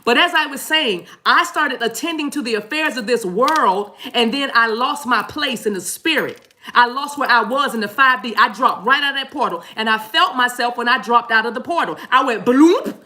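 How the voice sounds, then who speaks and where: A woman's voice: a little high, moderate pace. A woman giving a spiritual tarot talk to her viewers in a preacher-like way, playful and repeating phrases for emphasis. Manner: animated, preacher-like delivery.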